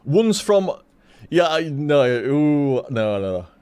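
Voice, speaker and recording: A man's voice: a little high, big pitch swings, slow, a little mellow, clear, resonant tone. A man chatting casually on a game stream, rambling and swearing, tripping over his words.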